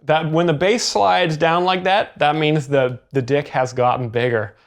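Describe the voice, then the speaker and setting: A man giving deadpan mock expert commentary on a comedy set, halting and restarting his sentences. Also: a little high, a little hiss or hum. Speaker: comedy show host.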